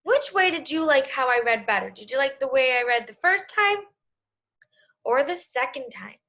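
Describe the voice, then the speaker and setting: A young woman teacher giving an online reading lesson to young children, speaking clearly and encouragingly. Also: high-pitched, lively intonation, sharp tone. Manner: slow, clear and encouraging, talks to kids.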